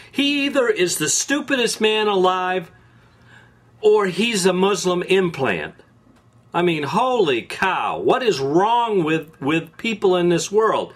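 An angry man rants as the host of an opinion show, his voice sitting high for a man. He talks in sarcastic bursts, stumbling and restarting as his anger builds. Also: fairly bright tone. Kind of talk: political opinion monologue.

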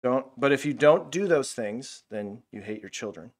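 A man teaching a Bible lesson in a casual, animated way, full of fillers like "like". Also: mid-range voice, moderate pace.

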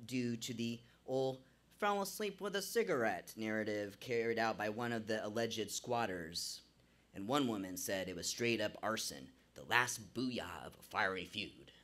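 Bright-voiced man telling a story onstage. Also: fairly low pitch. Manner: vivid, theatrical narration. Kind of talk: live storytelling. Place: small live venue stage.

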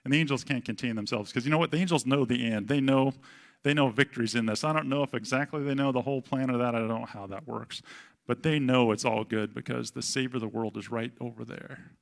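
Middle-aged man, pastor, casual chatty sermon, gravelly voice, mid pitch. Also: steady tone, fast. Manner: conversational, with fillers and quoted voices.

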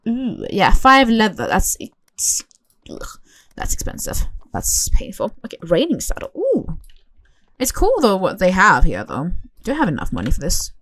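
A young woman giving casual, excitable commentary as she plays a horse game, talking to herself and the horses with gasps and squeals. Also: medium pitch, moderate pace. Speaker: gaming channel host.

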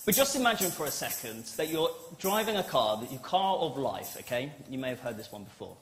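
A man's voice: mid-range voice, sing-song, fairly quick, soft background music. A man preaching a family-service sermon in a church, playful and given to acting out little dialogues.

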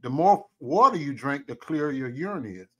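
A man's voice: mid-range voice, animated, moderate pace. Man cohosting a commentary chat, bursts out laughing, fake prays, voice all over the place. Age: older. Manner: loud laughing outbursts, mock prayers. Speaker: co-host.

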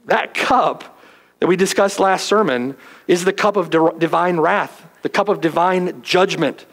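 A man preaching an expository sermon as pastor, emphatic and often asking "right?", then praying in a hushed, slow voice. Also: sits high, poor audio. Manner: hushed, slow in closing prayer.

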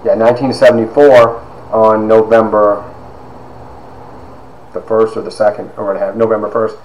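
A man in his fifties giving a personal testimony, halting with fillers and acting out quoted dialogue. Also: fairly low pitch, flat delivery, a little mellow, slight background noise. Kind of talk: personal storytelling talk. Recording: roomy echo.

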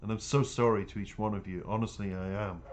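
A man's voice: fairly low pitch, steady tone, quick pace, a little hiss or hum, natural voice. A man voicing a remorseful boy who pleads and apologizes in a distraught tone in a storybook reading. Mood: pleading.

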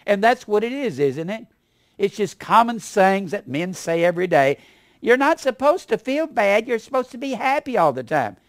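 A man's voice: moderate pace, no room sound. Folksy preacher man, dry close sound. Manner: folksy, animated, swings from loud emphasis to low asides. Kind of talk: sermon.

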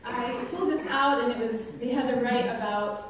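A woman's voice: on the high side, normal speed, a crowd in the background. A woman giving a chatty, laugh-filled faith testimony to a live audience. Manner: chatty, laughs often at her own stories. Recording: echoey hall from far off, faint noise.

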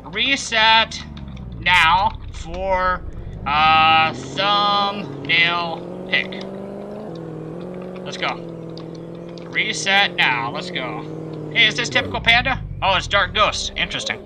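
A man's voice: sits high, takes it slowly, pauses often, noisy background. A man hosting a live game stream, chatting playfully and greeting viewers by name as he plays.

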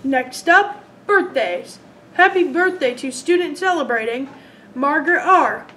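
Woman, high voice, announcements anchor, playful scripted reading, faint noise. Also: lively intonation, a little slow, sharp tone.

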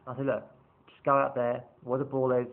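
A man's voice: mid-range voice, completely flat delivery, quick pace. A man rambling through a casual preview of his team's upcoming matches, restarting sentences and swearing now and then. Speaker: football fan vlogger. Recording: tinny phone-like sound.

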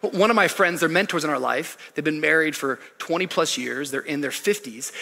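A male pastor tells a story in an animated, humorous sermon. His voice is bright and a bit husky, set slightly high. It carries the long reverb of a big church hall. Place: church stage.

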